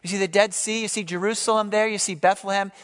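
High-voiced man preaching conversationally. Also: steady tone, fast, fairly bright tone. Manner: conversational, explaining with asides. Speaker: pastor. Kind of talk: sermon.

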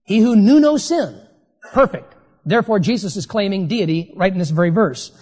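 A preacher giving a sermon, who talks emphatically and slows down to stress key phrases. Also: mid-range voice, animated, a little mellow, breathy edge, long reverb tail.

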